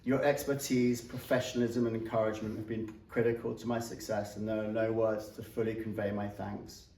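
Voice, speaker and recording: British man, flat speech voice, echoey room. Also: on the low side, brisk, distant mic, slight background noise. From Britain. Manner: earnest, with light self-mocking laughs. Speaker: patient giving a graduation speech. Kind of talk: read-out thank-you speech. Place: clinic room with a small audience.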